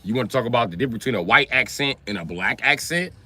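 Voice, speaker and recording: An American man ranting on a casual livestream in African American Vernacular English, profane and brash, jumping between loud outbursts and low mutters. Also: expressive, fast talker. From United States. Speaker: livestream host.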